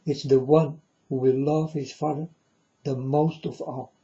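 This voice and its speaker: A man's voice: medium pitch, steady tone, unhurried, mellow, dull audio. A man speaking as a self-styled prophet in a rambling monologue to his viewers. He is solemn and repetitive and keeps addressing them as folks.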